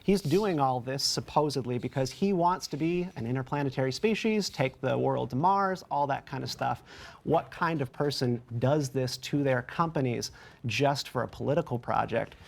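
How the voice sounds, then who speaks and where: Gravelly man giving deliberate opinions. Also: medium pitch. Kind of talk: opinion commentary.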